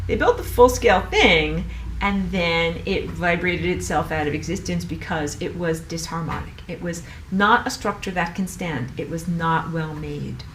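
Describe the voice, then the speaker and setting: A woman giving a casual spoken lesson as a spiritual teacher, talking in an animated, exasperated way and acting out the voices of the people she quotes. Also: fairly low pitch. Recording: echoey room, mic at a distance, faint background noise.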